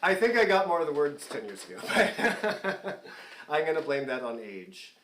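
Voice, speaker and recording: Forties guy chatting between songs, laughs at himself a lot, fairly high voice, echoey room. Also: big pitch swings, moderate pace, very noisy. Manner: chatty and self-deprecating, often laughing. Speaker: singer hosting a fundraising concert. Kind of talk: casual chat between songs. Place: performing remotely, away from the stage.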